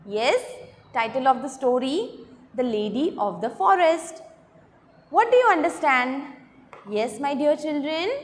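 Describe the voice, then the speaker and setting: A woman's voice: high voice, long reverb tail, slight background noise. A woman with an Indian English accent teaching young children, patiently spelling out words and asking the class questions.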